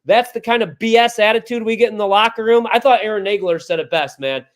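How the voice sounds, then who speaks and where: Fired-up high-voiced sports radio man. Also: quick pace. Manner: fired-up ranting, exasperated. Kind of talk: heated sports talk. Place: radio studio.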